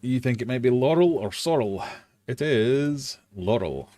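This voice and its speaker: A British man hosting a casual live quiz stream from his fish room, playful and quick to joke at himself. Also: mid-range voice, lively intonation, dark tone, no echo, clean studio sound. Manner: playful, jokey, laughs at himself.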